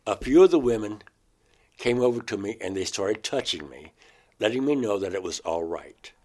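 A man recounting a personal experience in an interview, in a halting, emotional way. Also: on the low side, expressive, darkish tone.

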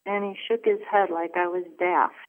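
A woman's voice: on the low side, steady tone. Earnest woman on a tinny phone line. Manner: earnest, halting with fillers. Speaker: phone-in guest. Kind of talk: personal storytelling.

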